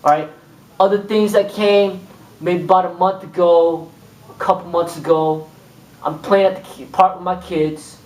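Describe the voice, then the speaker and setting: A man with a fairly high voice gives a loose, rambling kung fu lesson and acts out little exchanges as he goes. He sits well back from the microphone. The room around him rings with echo. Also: steady tone, normal speed, darkish tone. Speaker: kung fu instructor. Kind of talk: informal spoken lesson. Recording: echoey room, mic far off.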